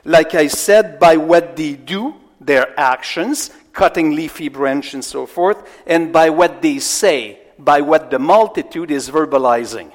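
A man's voice: a little high, unhurried, hardly any pauses. Preacher man in a reverberant hall. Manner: questions the congregation directly, swings from loud to hushed. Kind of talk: expository sermon.

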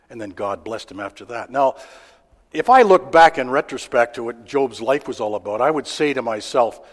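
Preacher man in a reverberant hall. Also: mid-range voice. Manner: plain-spoken, halting with fillers and restarts. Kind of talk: sermon.

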